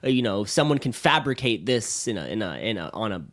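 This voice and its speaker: A young man co-hosting a comedy podcast, rambling through his points with lots of fillers and restarts. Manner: rambling, halting with many fillers, lively swings in pitch. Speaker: podcast co-host. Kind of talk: casual comedic chat.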